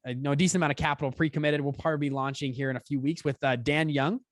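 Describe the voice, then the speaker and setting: On a podcast, a fund founder in his twenties tells a story conversationally in a voice on the higher side, fast and energetic. His intonation is fairly even overall, though he acts out quotes with big pitch jumps, and the sound is dry and close with no room sound.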